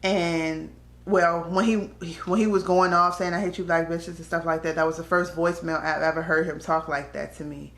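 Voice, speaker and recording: Candid woman vlogger, low voice, echoey room. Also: steady tone, moderate pace, a bit bright. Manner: candid, conversational, slips into quoted voices. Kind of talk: casual storytelling to camera.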